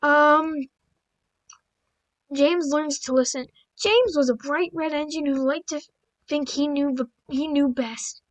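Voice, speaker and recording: High-voiced woman reading stories, stumbling. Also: slow pace, rough recording. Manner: stumbles over words, breaks off for blunt asides. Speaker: video creator. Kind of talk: reading stories aloud with casual commentary.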